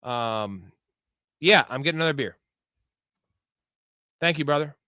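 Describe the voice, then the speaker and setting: A young man hosts a live sports betting stream in loose, swearing bro talk. His voice is bright and forceful, sitting a little high for a man. The sound is dry and close. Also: lively intonation, unhurried, clean tone, no echo. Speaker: host of a live sports betting and fantasy show. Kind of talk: casual livestream chat answering viewer questions.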